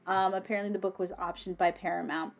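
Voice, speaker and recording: A woman giving a casual, enthusiastic book review, swearing freely and filling pauses with ums and restarts. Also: mid-range voice, fairly even intonation, creaky, soft background music. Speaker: book vlogger.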